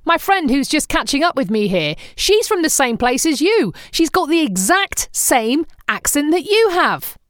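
Woman voicing a friendly male park ranger, cowboy hat, chatty, drawn-out, higher voice. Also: big pitch swings, a bit bright, no echo, clean studio sound, exaggerated voice.

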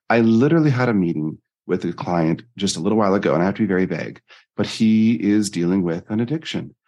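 Husky, animated man telling his story. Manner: earnest, animated storytelling with jumps in pitch. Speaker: life coach and podcaster. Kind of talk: conversational interview storytelling.

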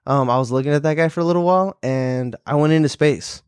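A man hosting a podcast from a room in his home. He talks in an excited, slang-heavy way and swears a lot. His voice sits a bit high, and the sound is dry and close. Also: fast talker, clear, resonant tone, no echo. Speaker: podcast host. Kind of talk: casual chat.

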